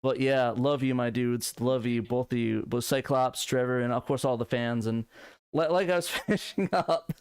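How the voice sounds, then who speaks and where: A man co-hosting a casual live stream, easily excited and bursting into laughing exclamations. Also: medium pitch, moderate pace, clean tone, dry recording, studio quality. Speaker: podcast co-host.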